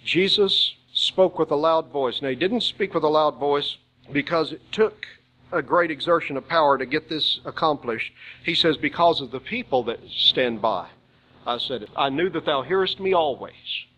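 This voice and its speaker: A man preaching a sermon, reading scripture slowly and emphatically and answering his own rhetorical questions. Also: on the high side, a bit bright, poor audio.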